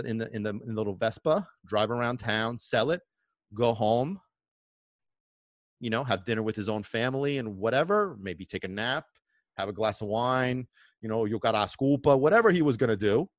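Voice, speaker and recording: A middle-aged man casually telling stories from his past in a rambling, animated way, with many restarts. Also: medium pitch, dry recording, studio quality. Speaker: vlogger. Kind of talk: casual nostalgic storytelling.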